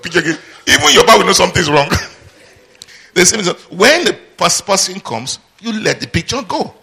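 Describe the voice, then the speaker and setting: A man's voice: high-pitched, fairly quick, creaky, slightly rough. A man preaching a sermon, drawing call-and-response answers from the congregation. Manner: call-and-response, asks the congregation to finish his sentences; lively teaching with asides and laughter.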